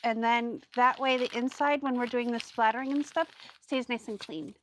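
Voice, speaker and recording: Woman rambling on a live craft stream, kinda high voice, chats w viewers while she glues stuff. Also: steady tone, normal speed, slight background noise. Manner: chatty and rambling, greets viewers while working. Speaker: craft video host. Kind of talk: casual live crafting chat.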